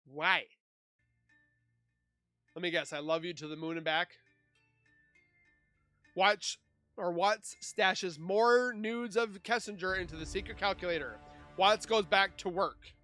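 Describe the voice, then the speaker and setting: A man's voice: high-pitched, slow pace, long pauses, bright, forceful tone, no echo, soft background music. A man reading through a case timeline and breaking in with sarcastic, scornful asides in casual commentary. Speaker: true crime YouTuber.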